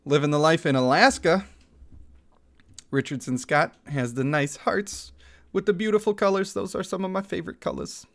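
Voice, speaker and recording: A man's voice: on the high side, moderate pace. A man in his thirties chatting casually on a livestream, reading out chat messages and laughing often. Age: 30s.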